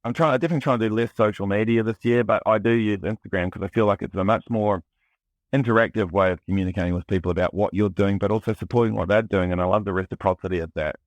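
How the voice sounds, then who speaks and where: Deep-voiced New Zealand man, candid and excitable. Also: quick pace, no room sound. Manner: candid, excitable, swears freely, frequent restarts. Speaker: podcast guest, music producer. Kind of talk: casual chat.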